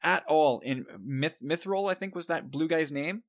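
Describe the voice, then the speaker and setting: A man co-hosting a podcast, talking in an animated, casual way. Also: a little high, moderate pace. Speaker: podcast co-host. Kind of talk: casual chat.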